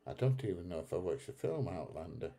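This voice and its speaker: A man's voice: low voice, sing-song, a little fast, gravelly, mellow. A man with a Northern English accent hosting a casual livestream, reading out comments in a blunt, chatty way and laughing often. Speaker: livestream host.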